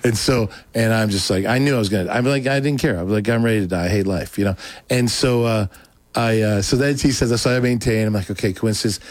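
An excitable man tells his story in a rambling, casual way. He slips into a higher voice when he quotes himself. The sound is dry and close. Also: quick pace, dry recording. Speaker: guest telling his testimony.

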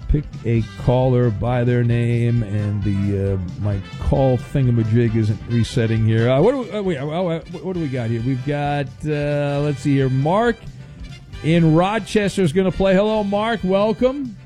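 A man's voice: mid-range voice, unhurried, warm tone, soft background music. A man hosting a call-in radio game show, joking loosely and stumbling over fillers as he runs it. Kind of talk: casual game-show banter on talk radio.

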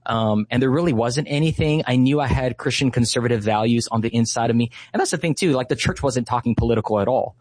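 A man in his thirties tells a story of faith in an earnest, heartfelt way, often pausing with "uh" and "you know". His voice sits at an ordinary middle pitch. It is recorded dry, with no room sound. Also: darkish tone, no room sound. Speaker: ministry leader and guest.

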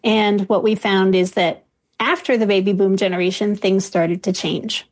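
Woman, linguist guest, measured academic explaining, mid-pitched voice, frequent fillers. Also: fairly even intonation. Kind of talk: explanatory radio interview.

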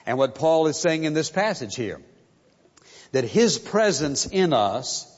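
Man preaching slowly in an echoing hall. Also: on the high side. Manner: slow, emphatic preaching with repeated phrases. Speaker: pastor. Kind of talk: sermon. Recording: muffled sound in a reverberant hall.

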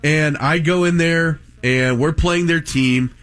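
Animated storytelling man, somewhat high voice. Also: takes it slowly, clear, resonant tone. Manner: animated anecdote teller who acts out quotes. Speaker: radio show co-host. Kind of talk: casual storytelling chat.

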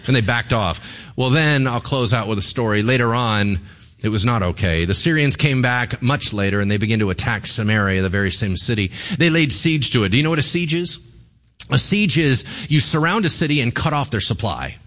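A man preaching a sermon, telling a Bible story with lively asides and questions to the congregation. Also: mid-range voice, brisk. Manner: animated storytelling with asides to the audience. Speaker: pastor.

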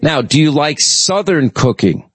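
A man's voice: a little high, big pitch swings, a little slow, fairly bright tone, breathy edge, no room sound. Chatty male radio host, dry close sound. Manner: rambling, chatty storytelling with many restarts. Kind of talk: casual talk radio chat.

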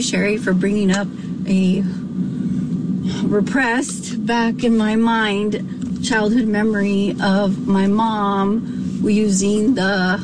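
A woman caller from Arizona leaving a rambling, chatty message for a radio show, laughing and getting tearful. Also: medium pitch. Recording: loud background noise.

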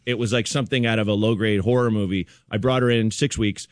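A man's voice: fairly low pitch, fast talker, dry recording, clean studio sound. A middle-aged man telling a funny story about his baby daughter in a casual chat, laughing and acting out the other people in it. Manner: animated, acts out quoted voices, laughs often.

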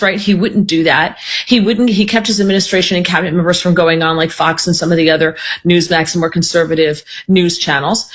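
Brief: woman political commentator, husky, animated, talks fast in bursts. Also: on the low side. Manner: opinionated, animated, quick asides. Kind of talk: casual political chat.

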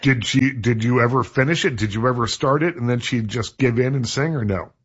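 A man's voice: mid-range voice, a little fast, fairly bright tone, breathy edge. A male radio host interviewing a guest, asking attentive questions and reading short plugs. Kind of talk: interview hosting. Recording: dull lo-fi sound.

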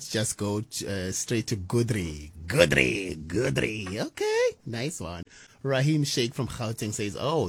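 A man hosting a radio show, reading listener messages in a bubbly, laughing way. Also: husky. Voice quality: animated, laughs often, big swings in pitch. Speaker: radio host.

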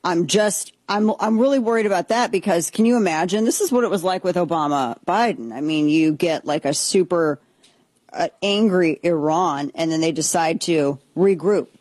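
A woman hosting a political talk show, giving blunt, sarcastic commentary in an animated way. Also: fairly low pitch, normal speed, dry recording. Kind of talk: opinionated commentary.

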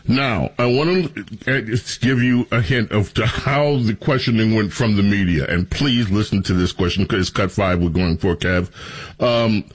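A man hosting a talk radio show, talking in a sarcastic, animated, mocking way. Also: on the low side, normal speed, slightly rough.

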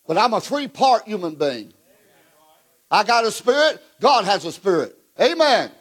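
A man preaching a fiery revival sermon at a conference, calling out to the crowd and shouting at his peaks. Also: high-pitched, sing-song, measured pace. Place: conference hall.

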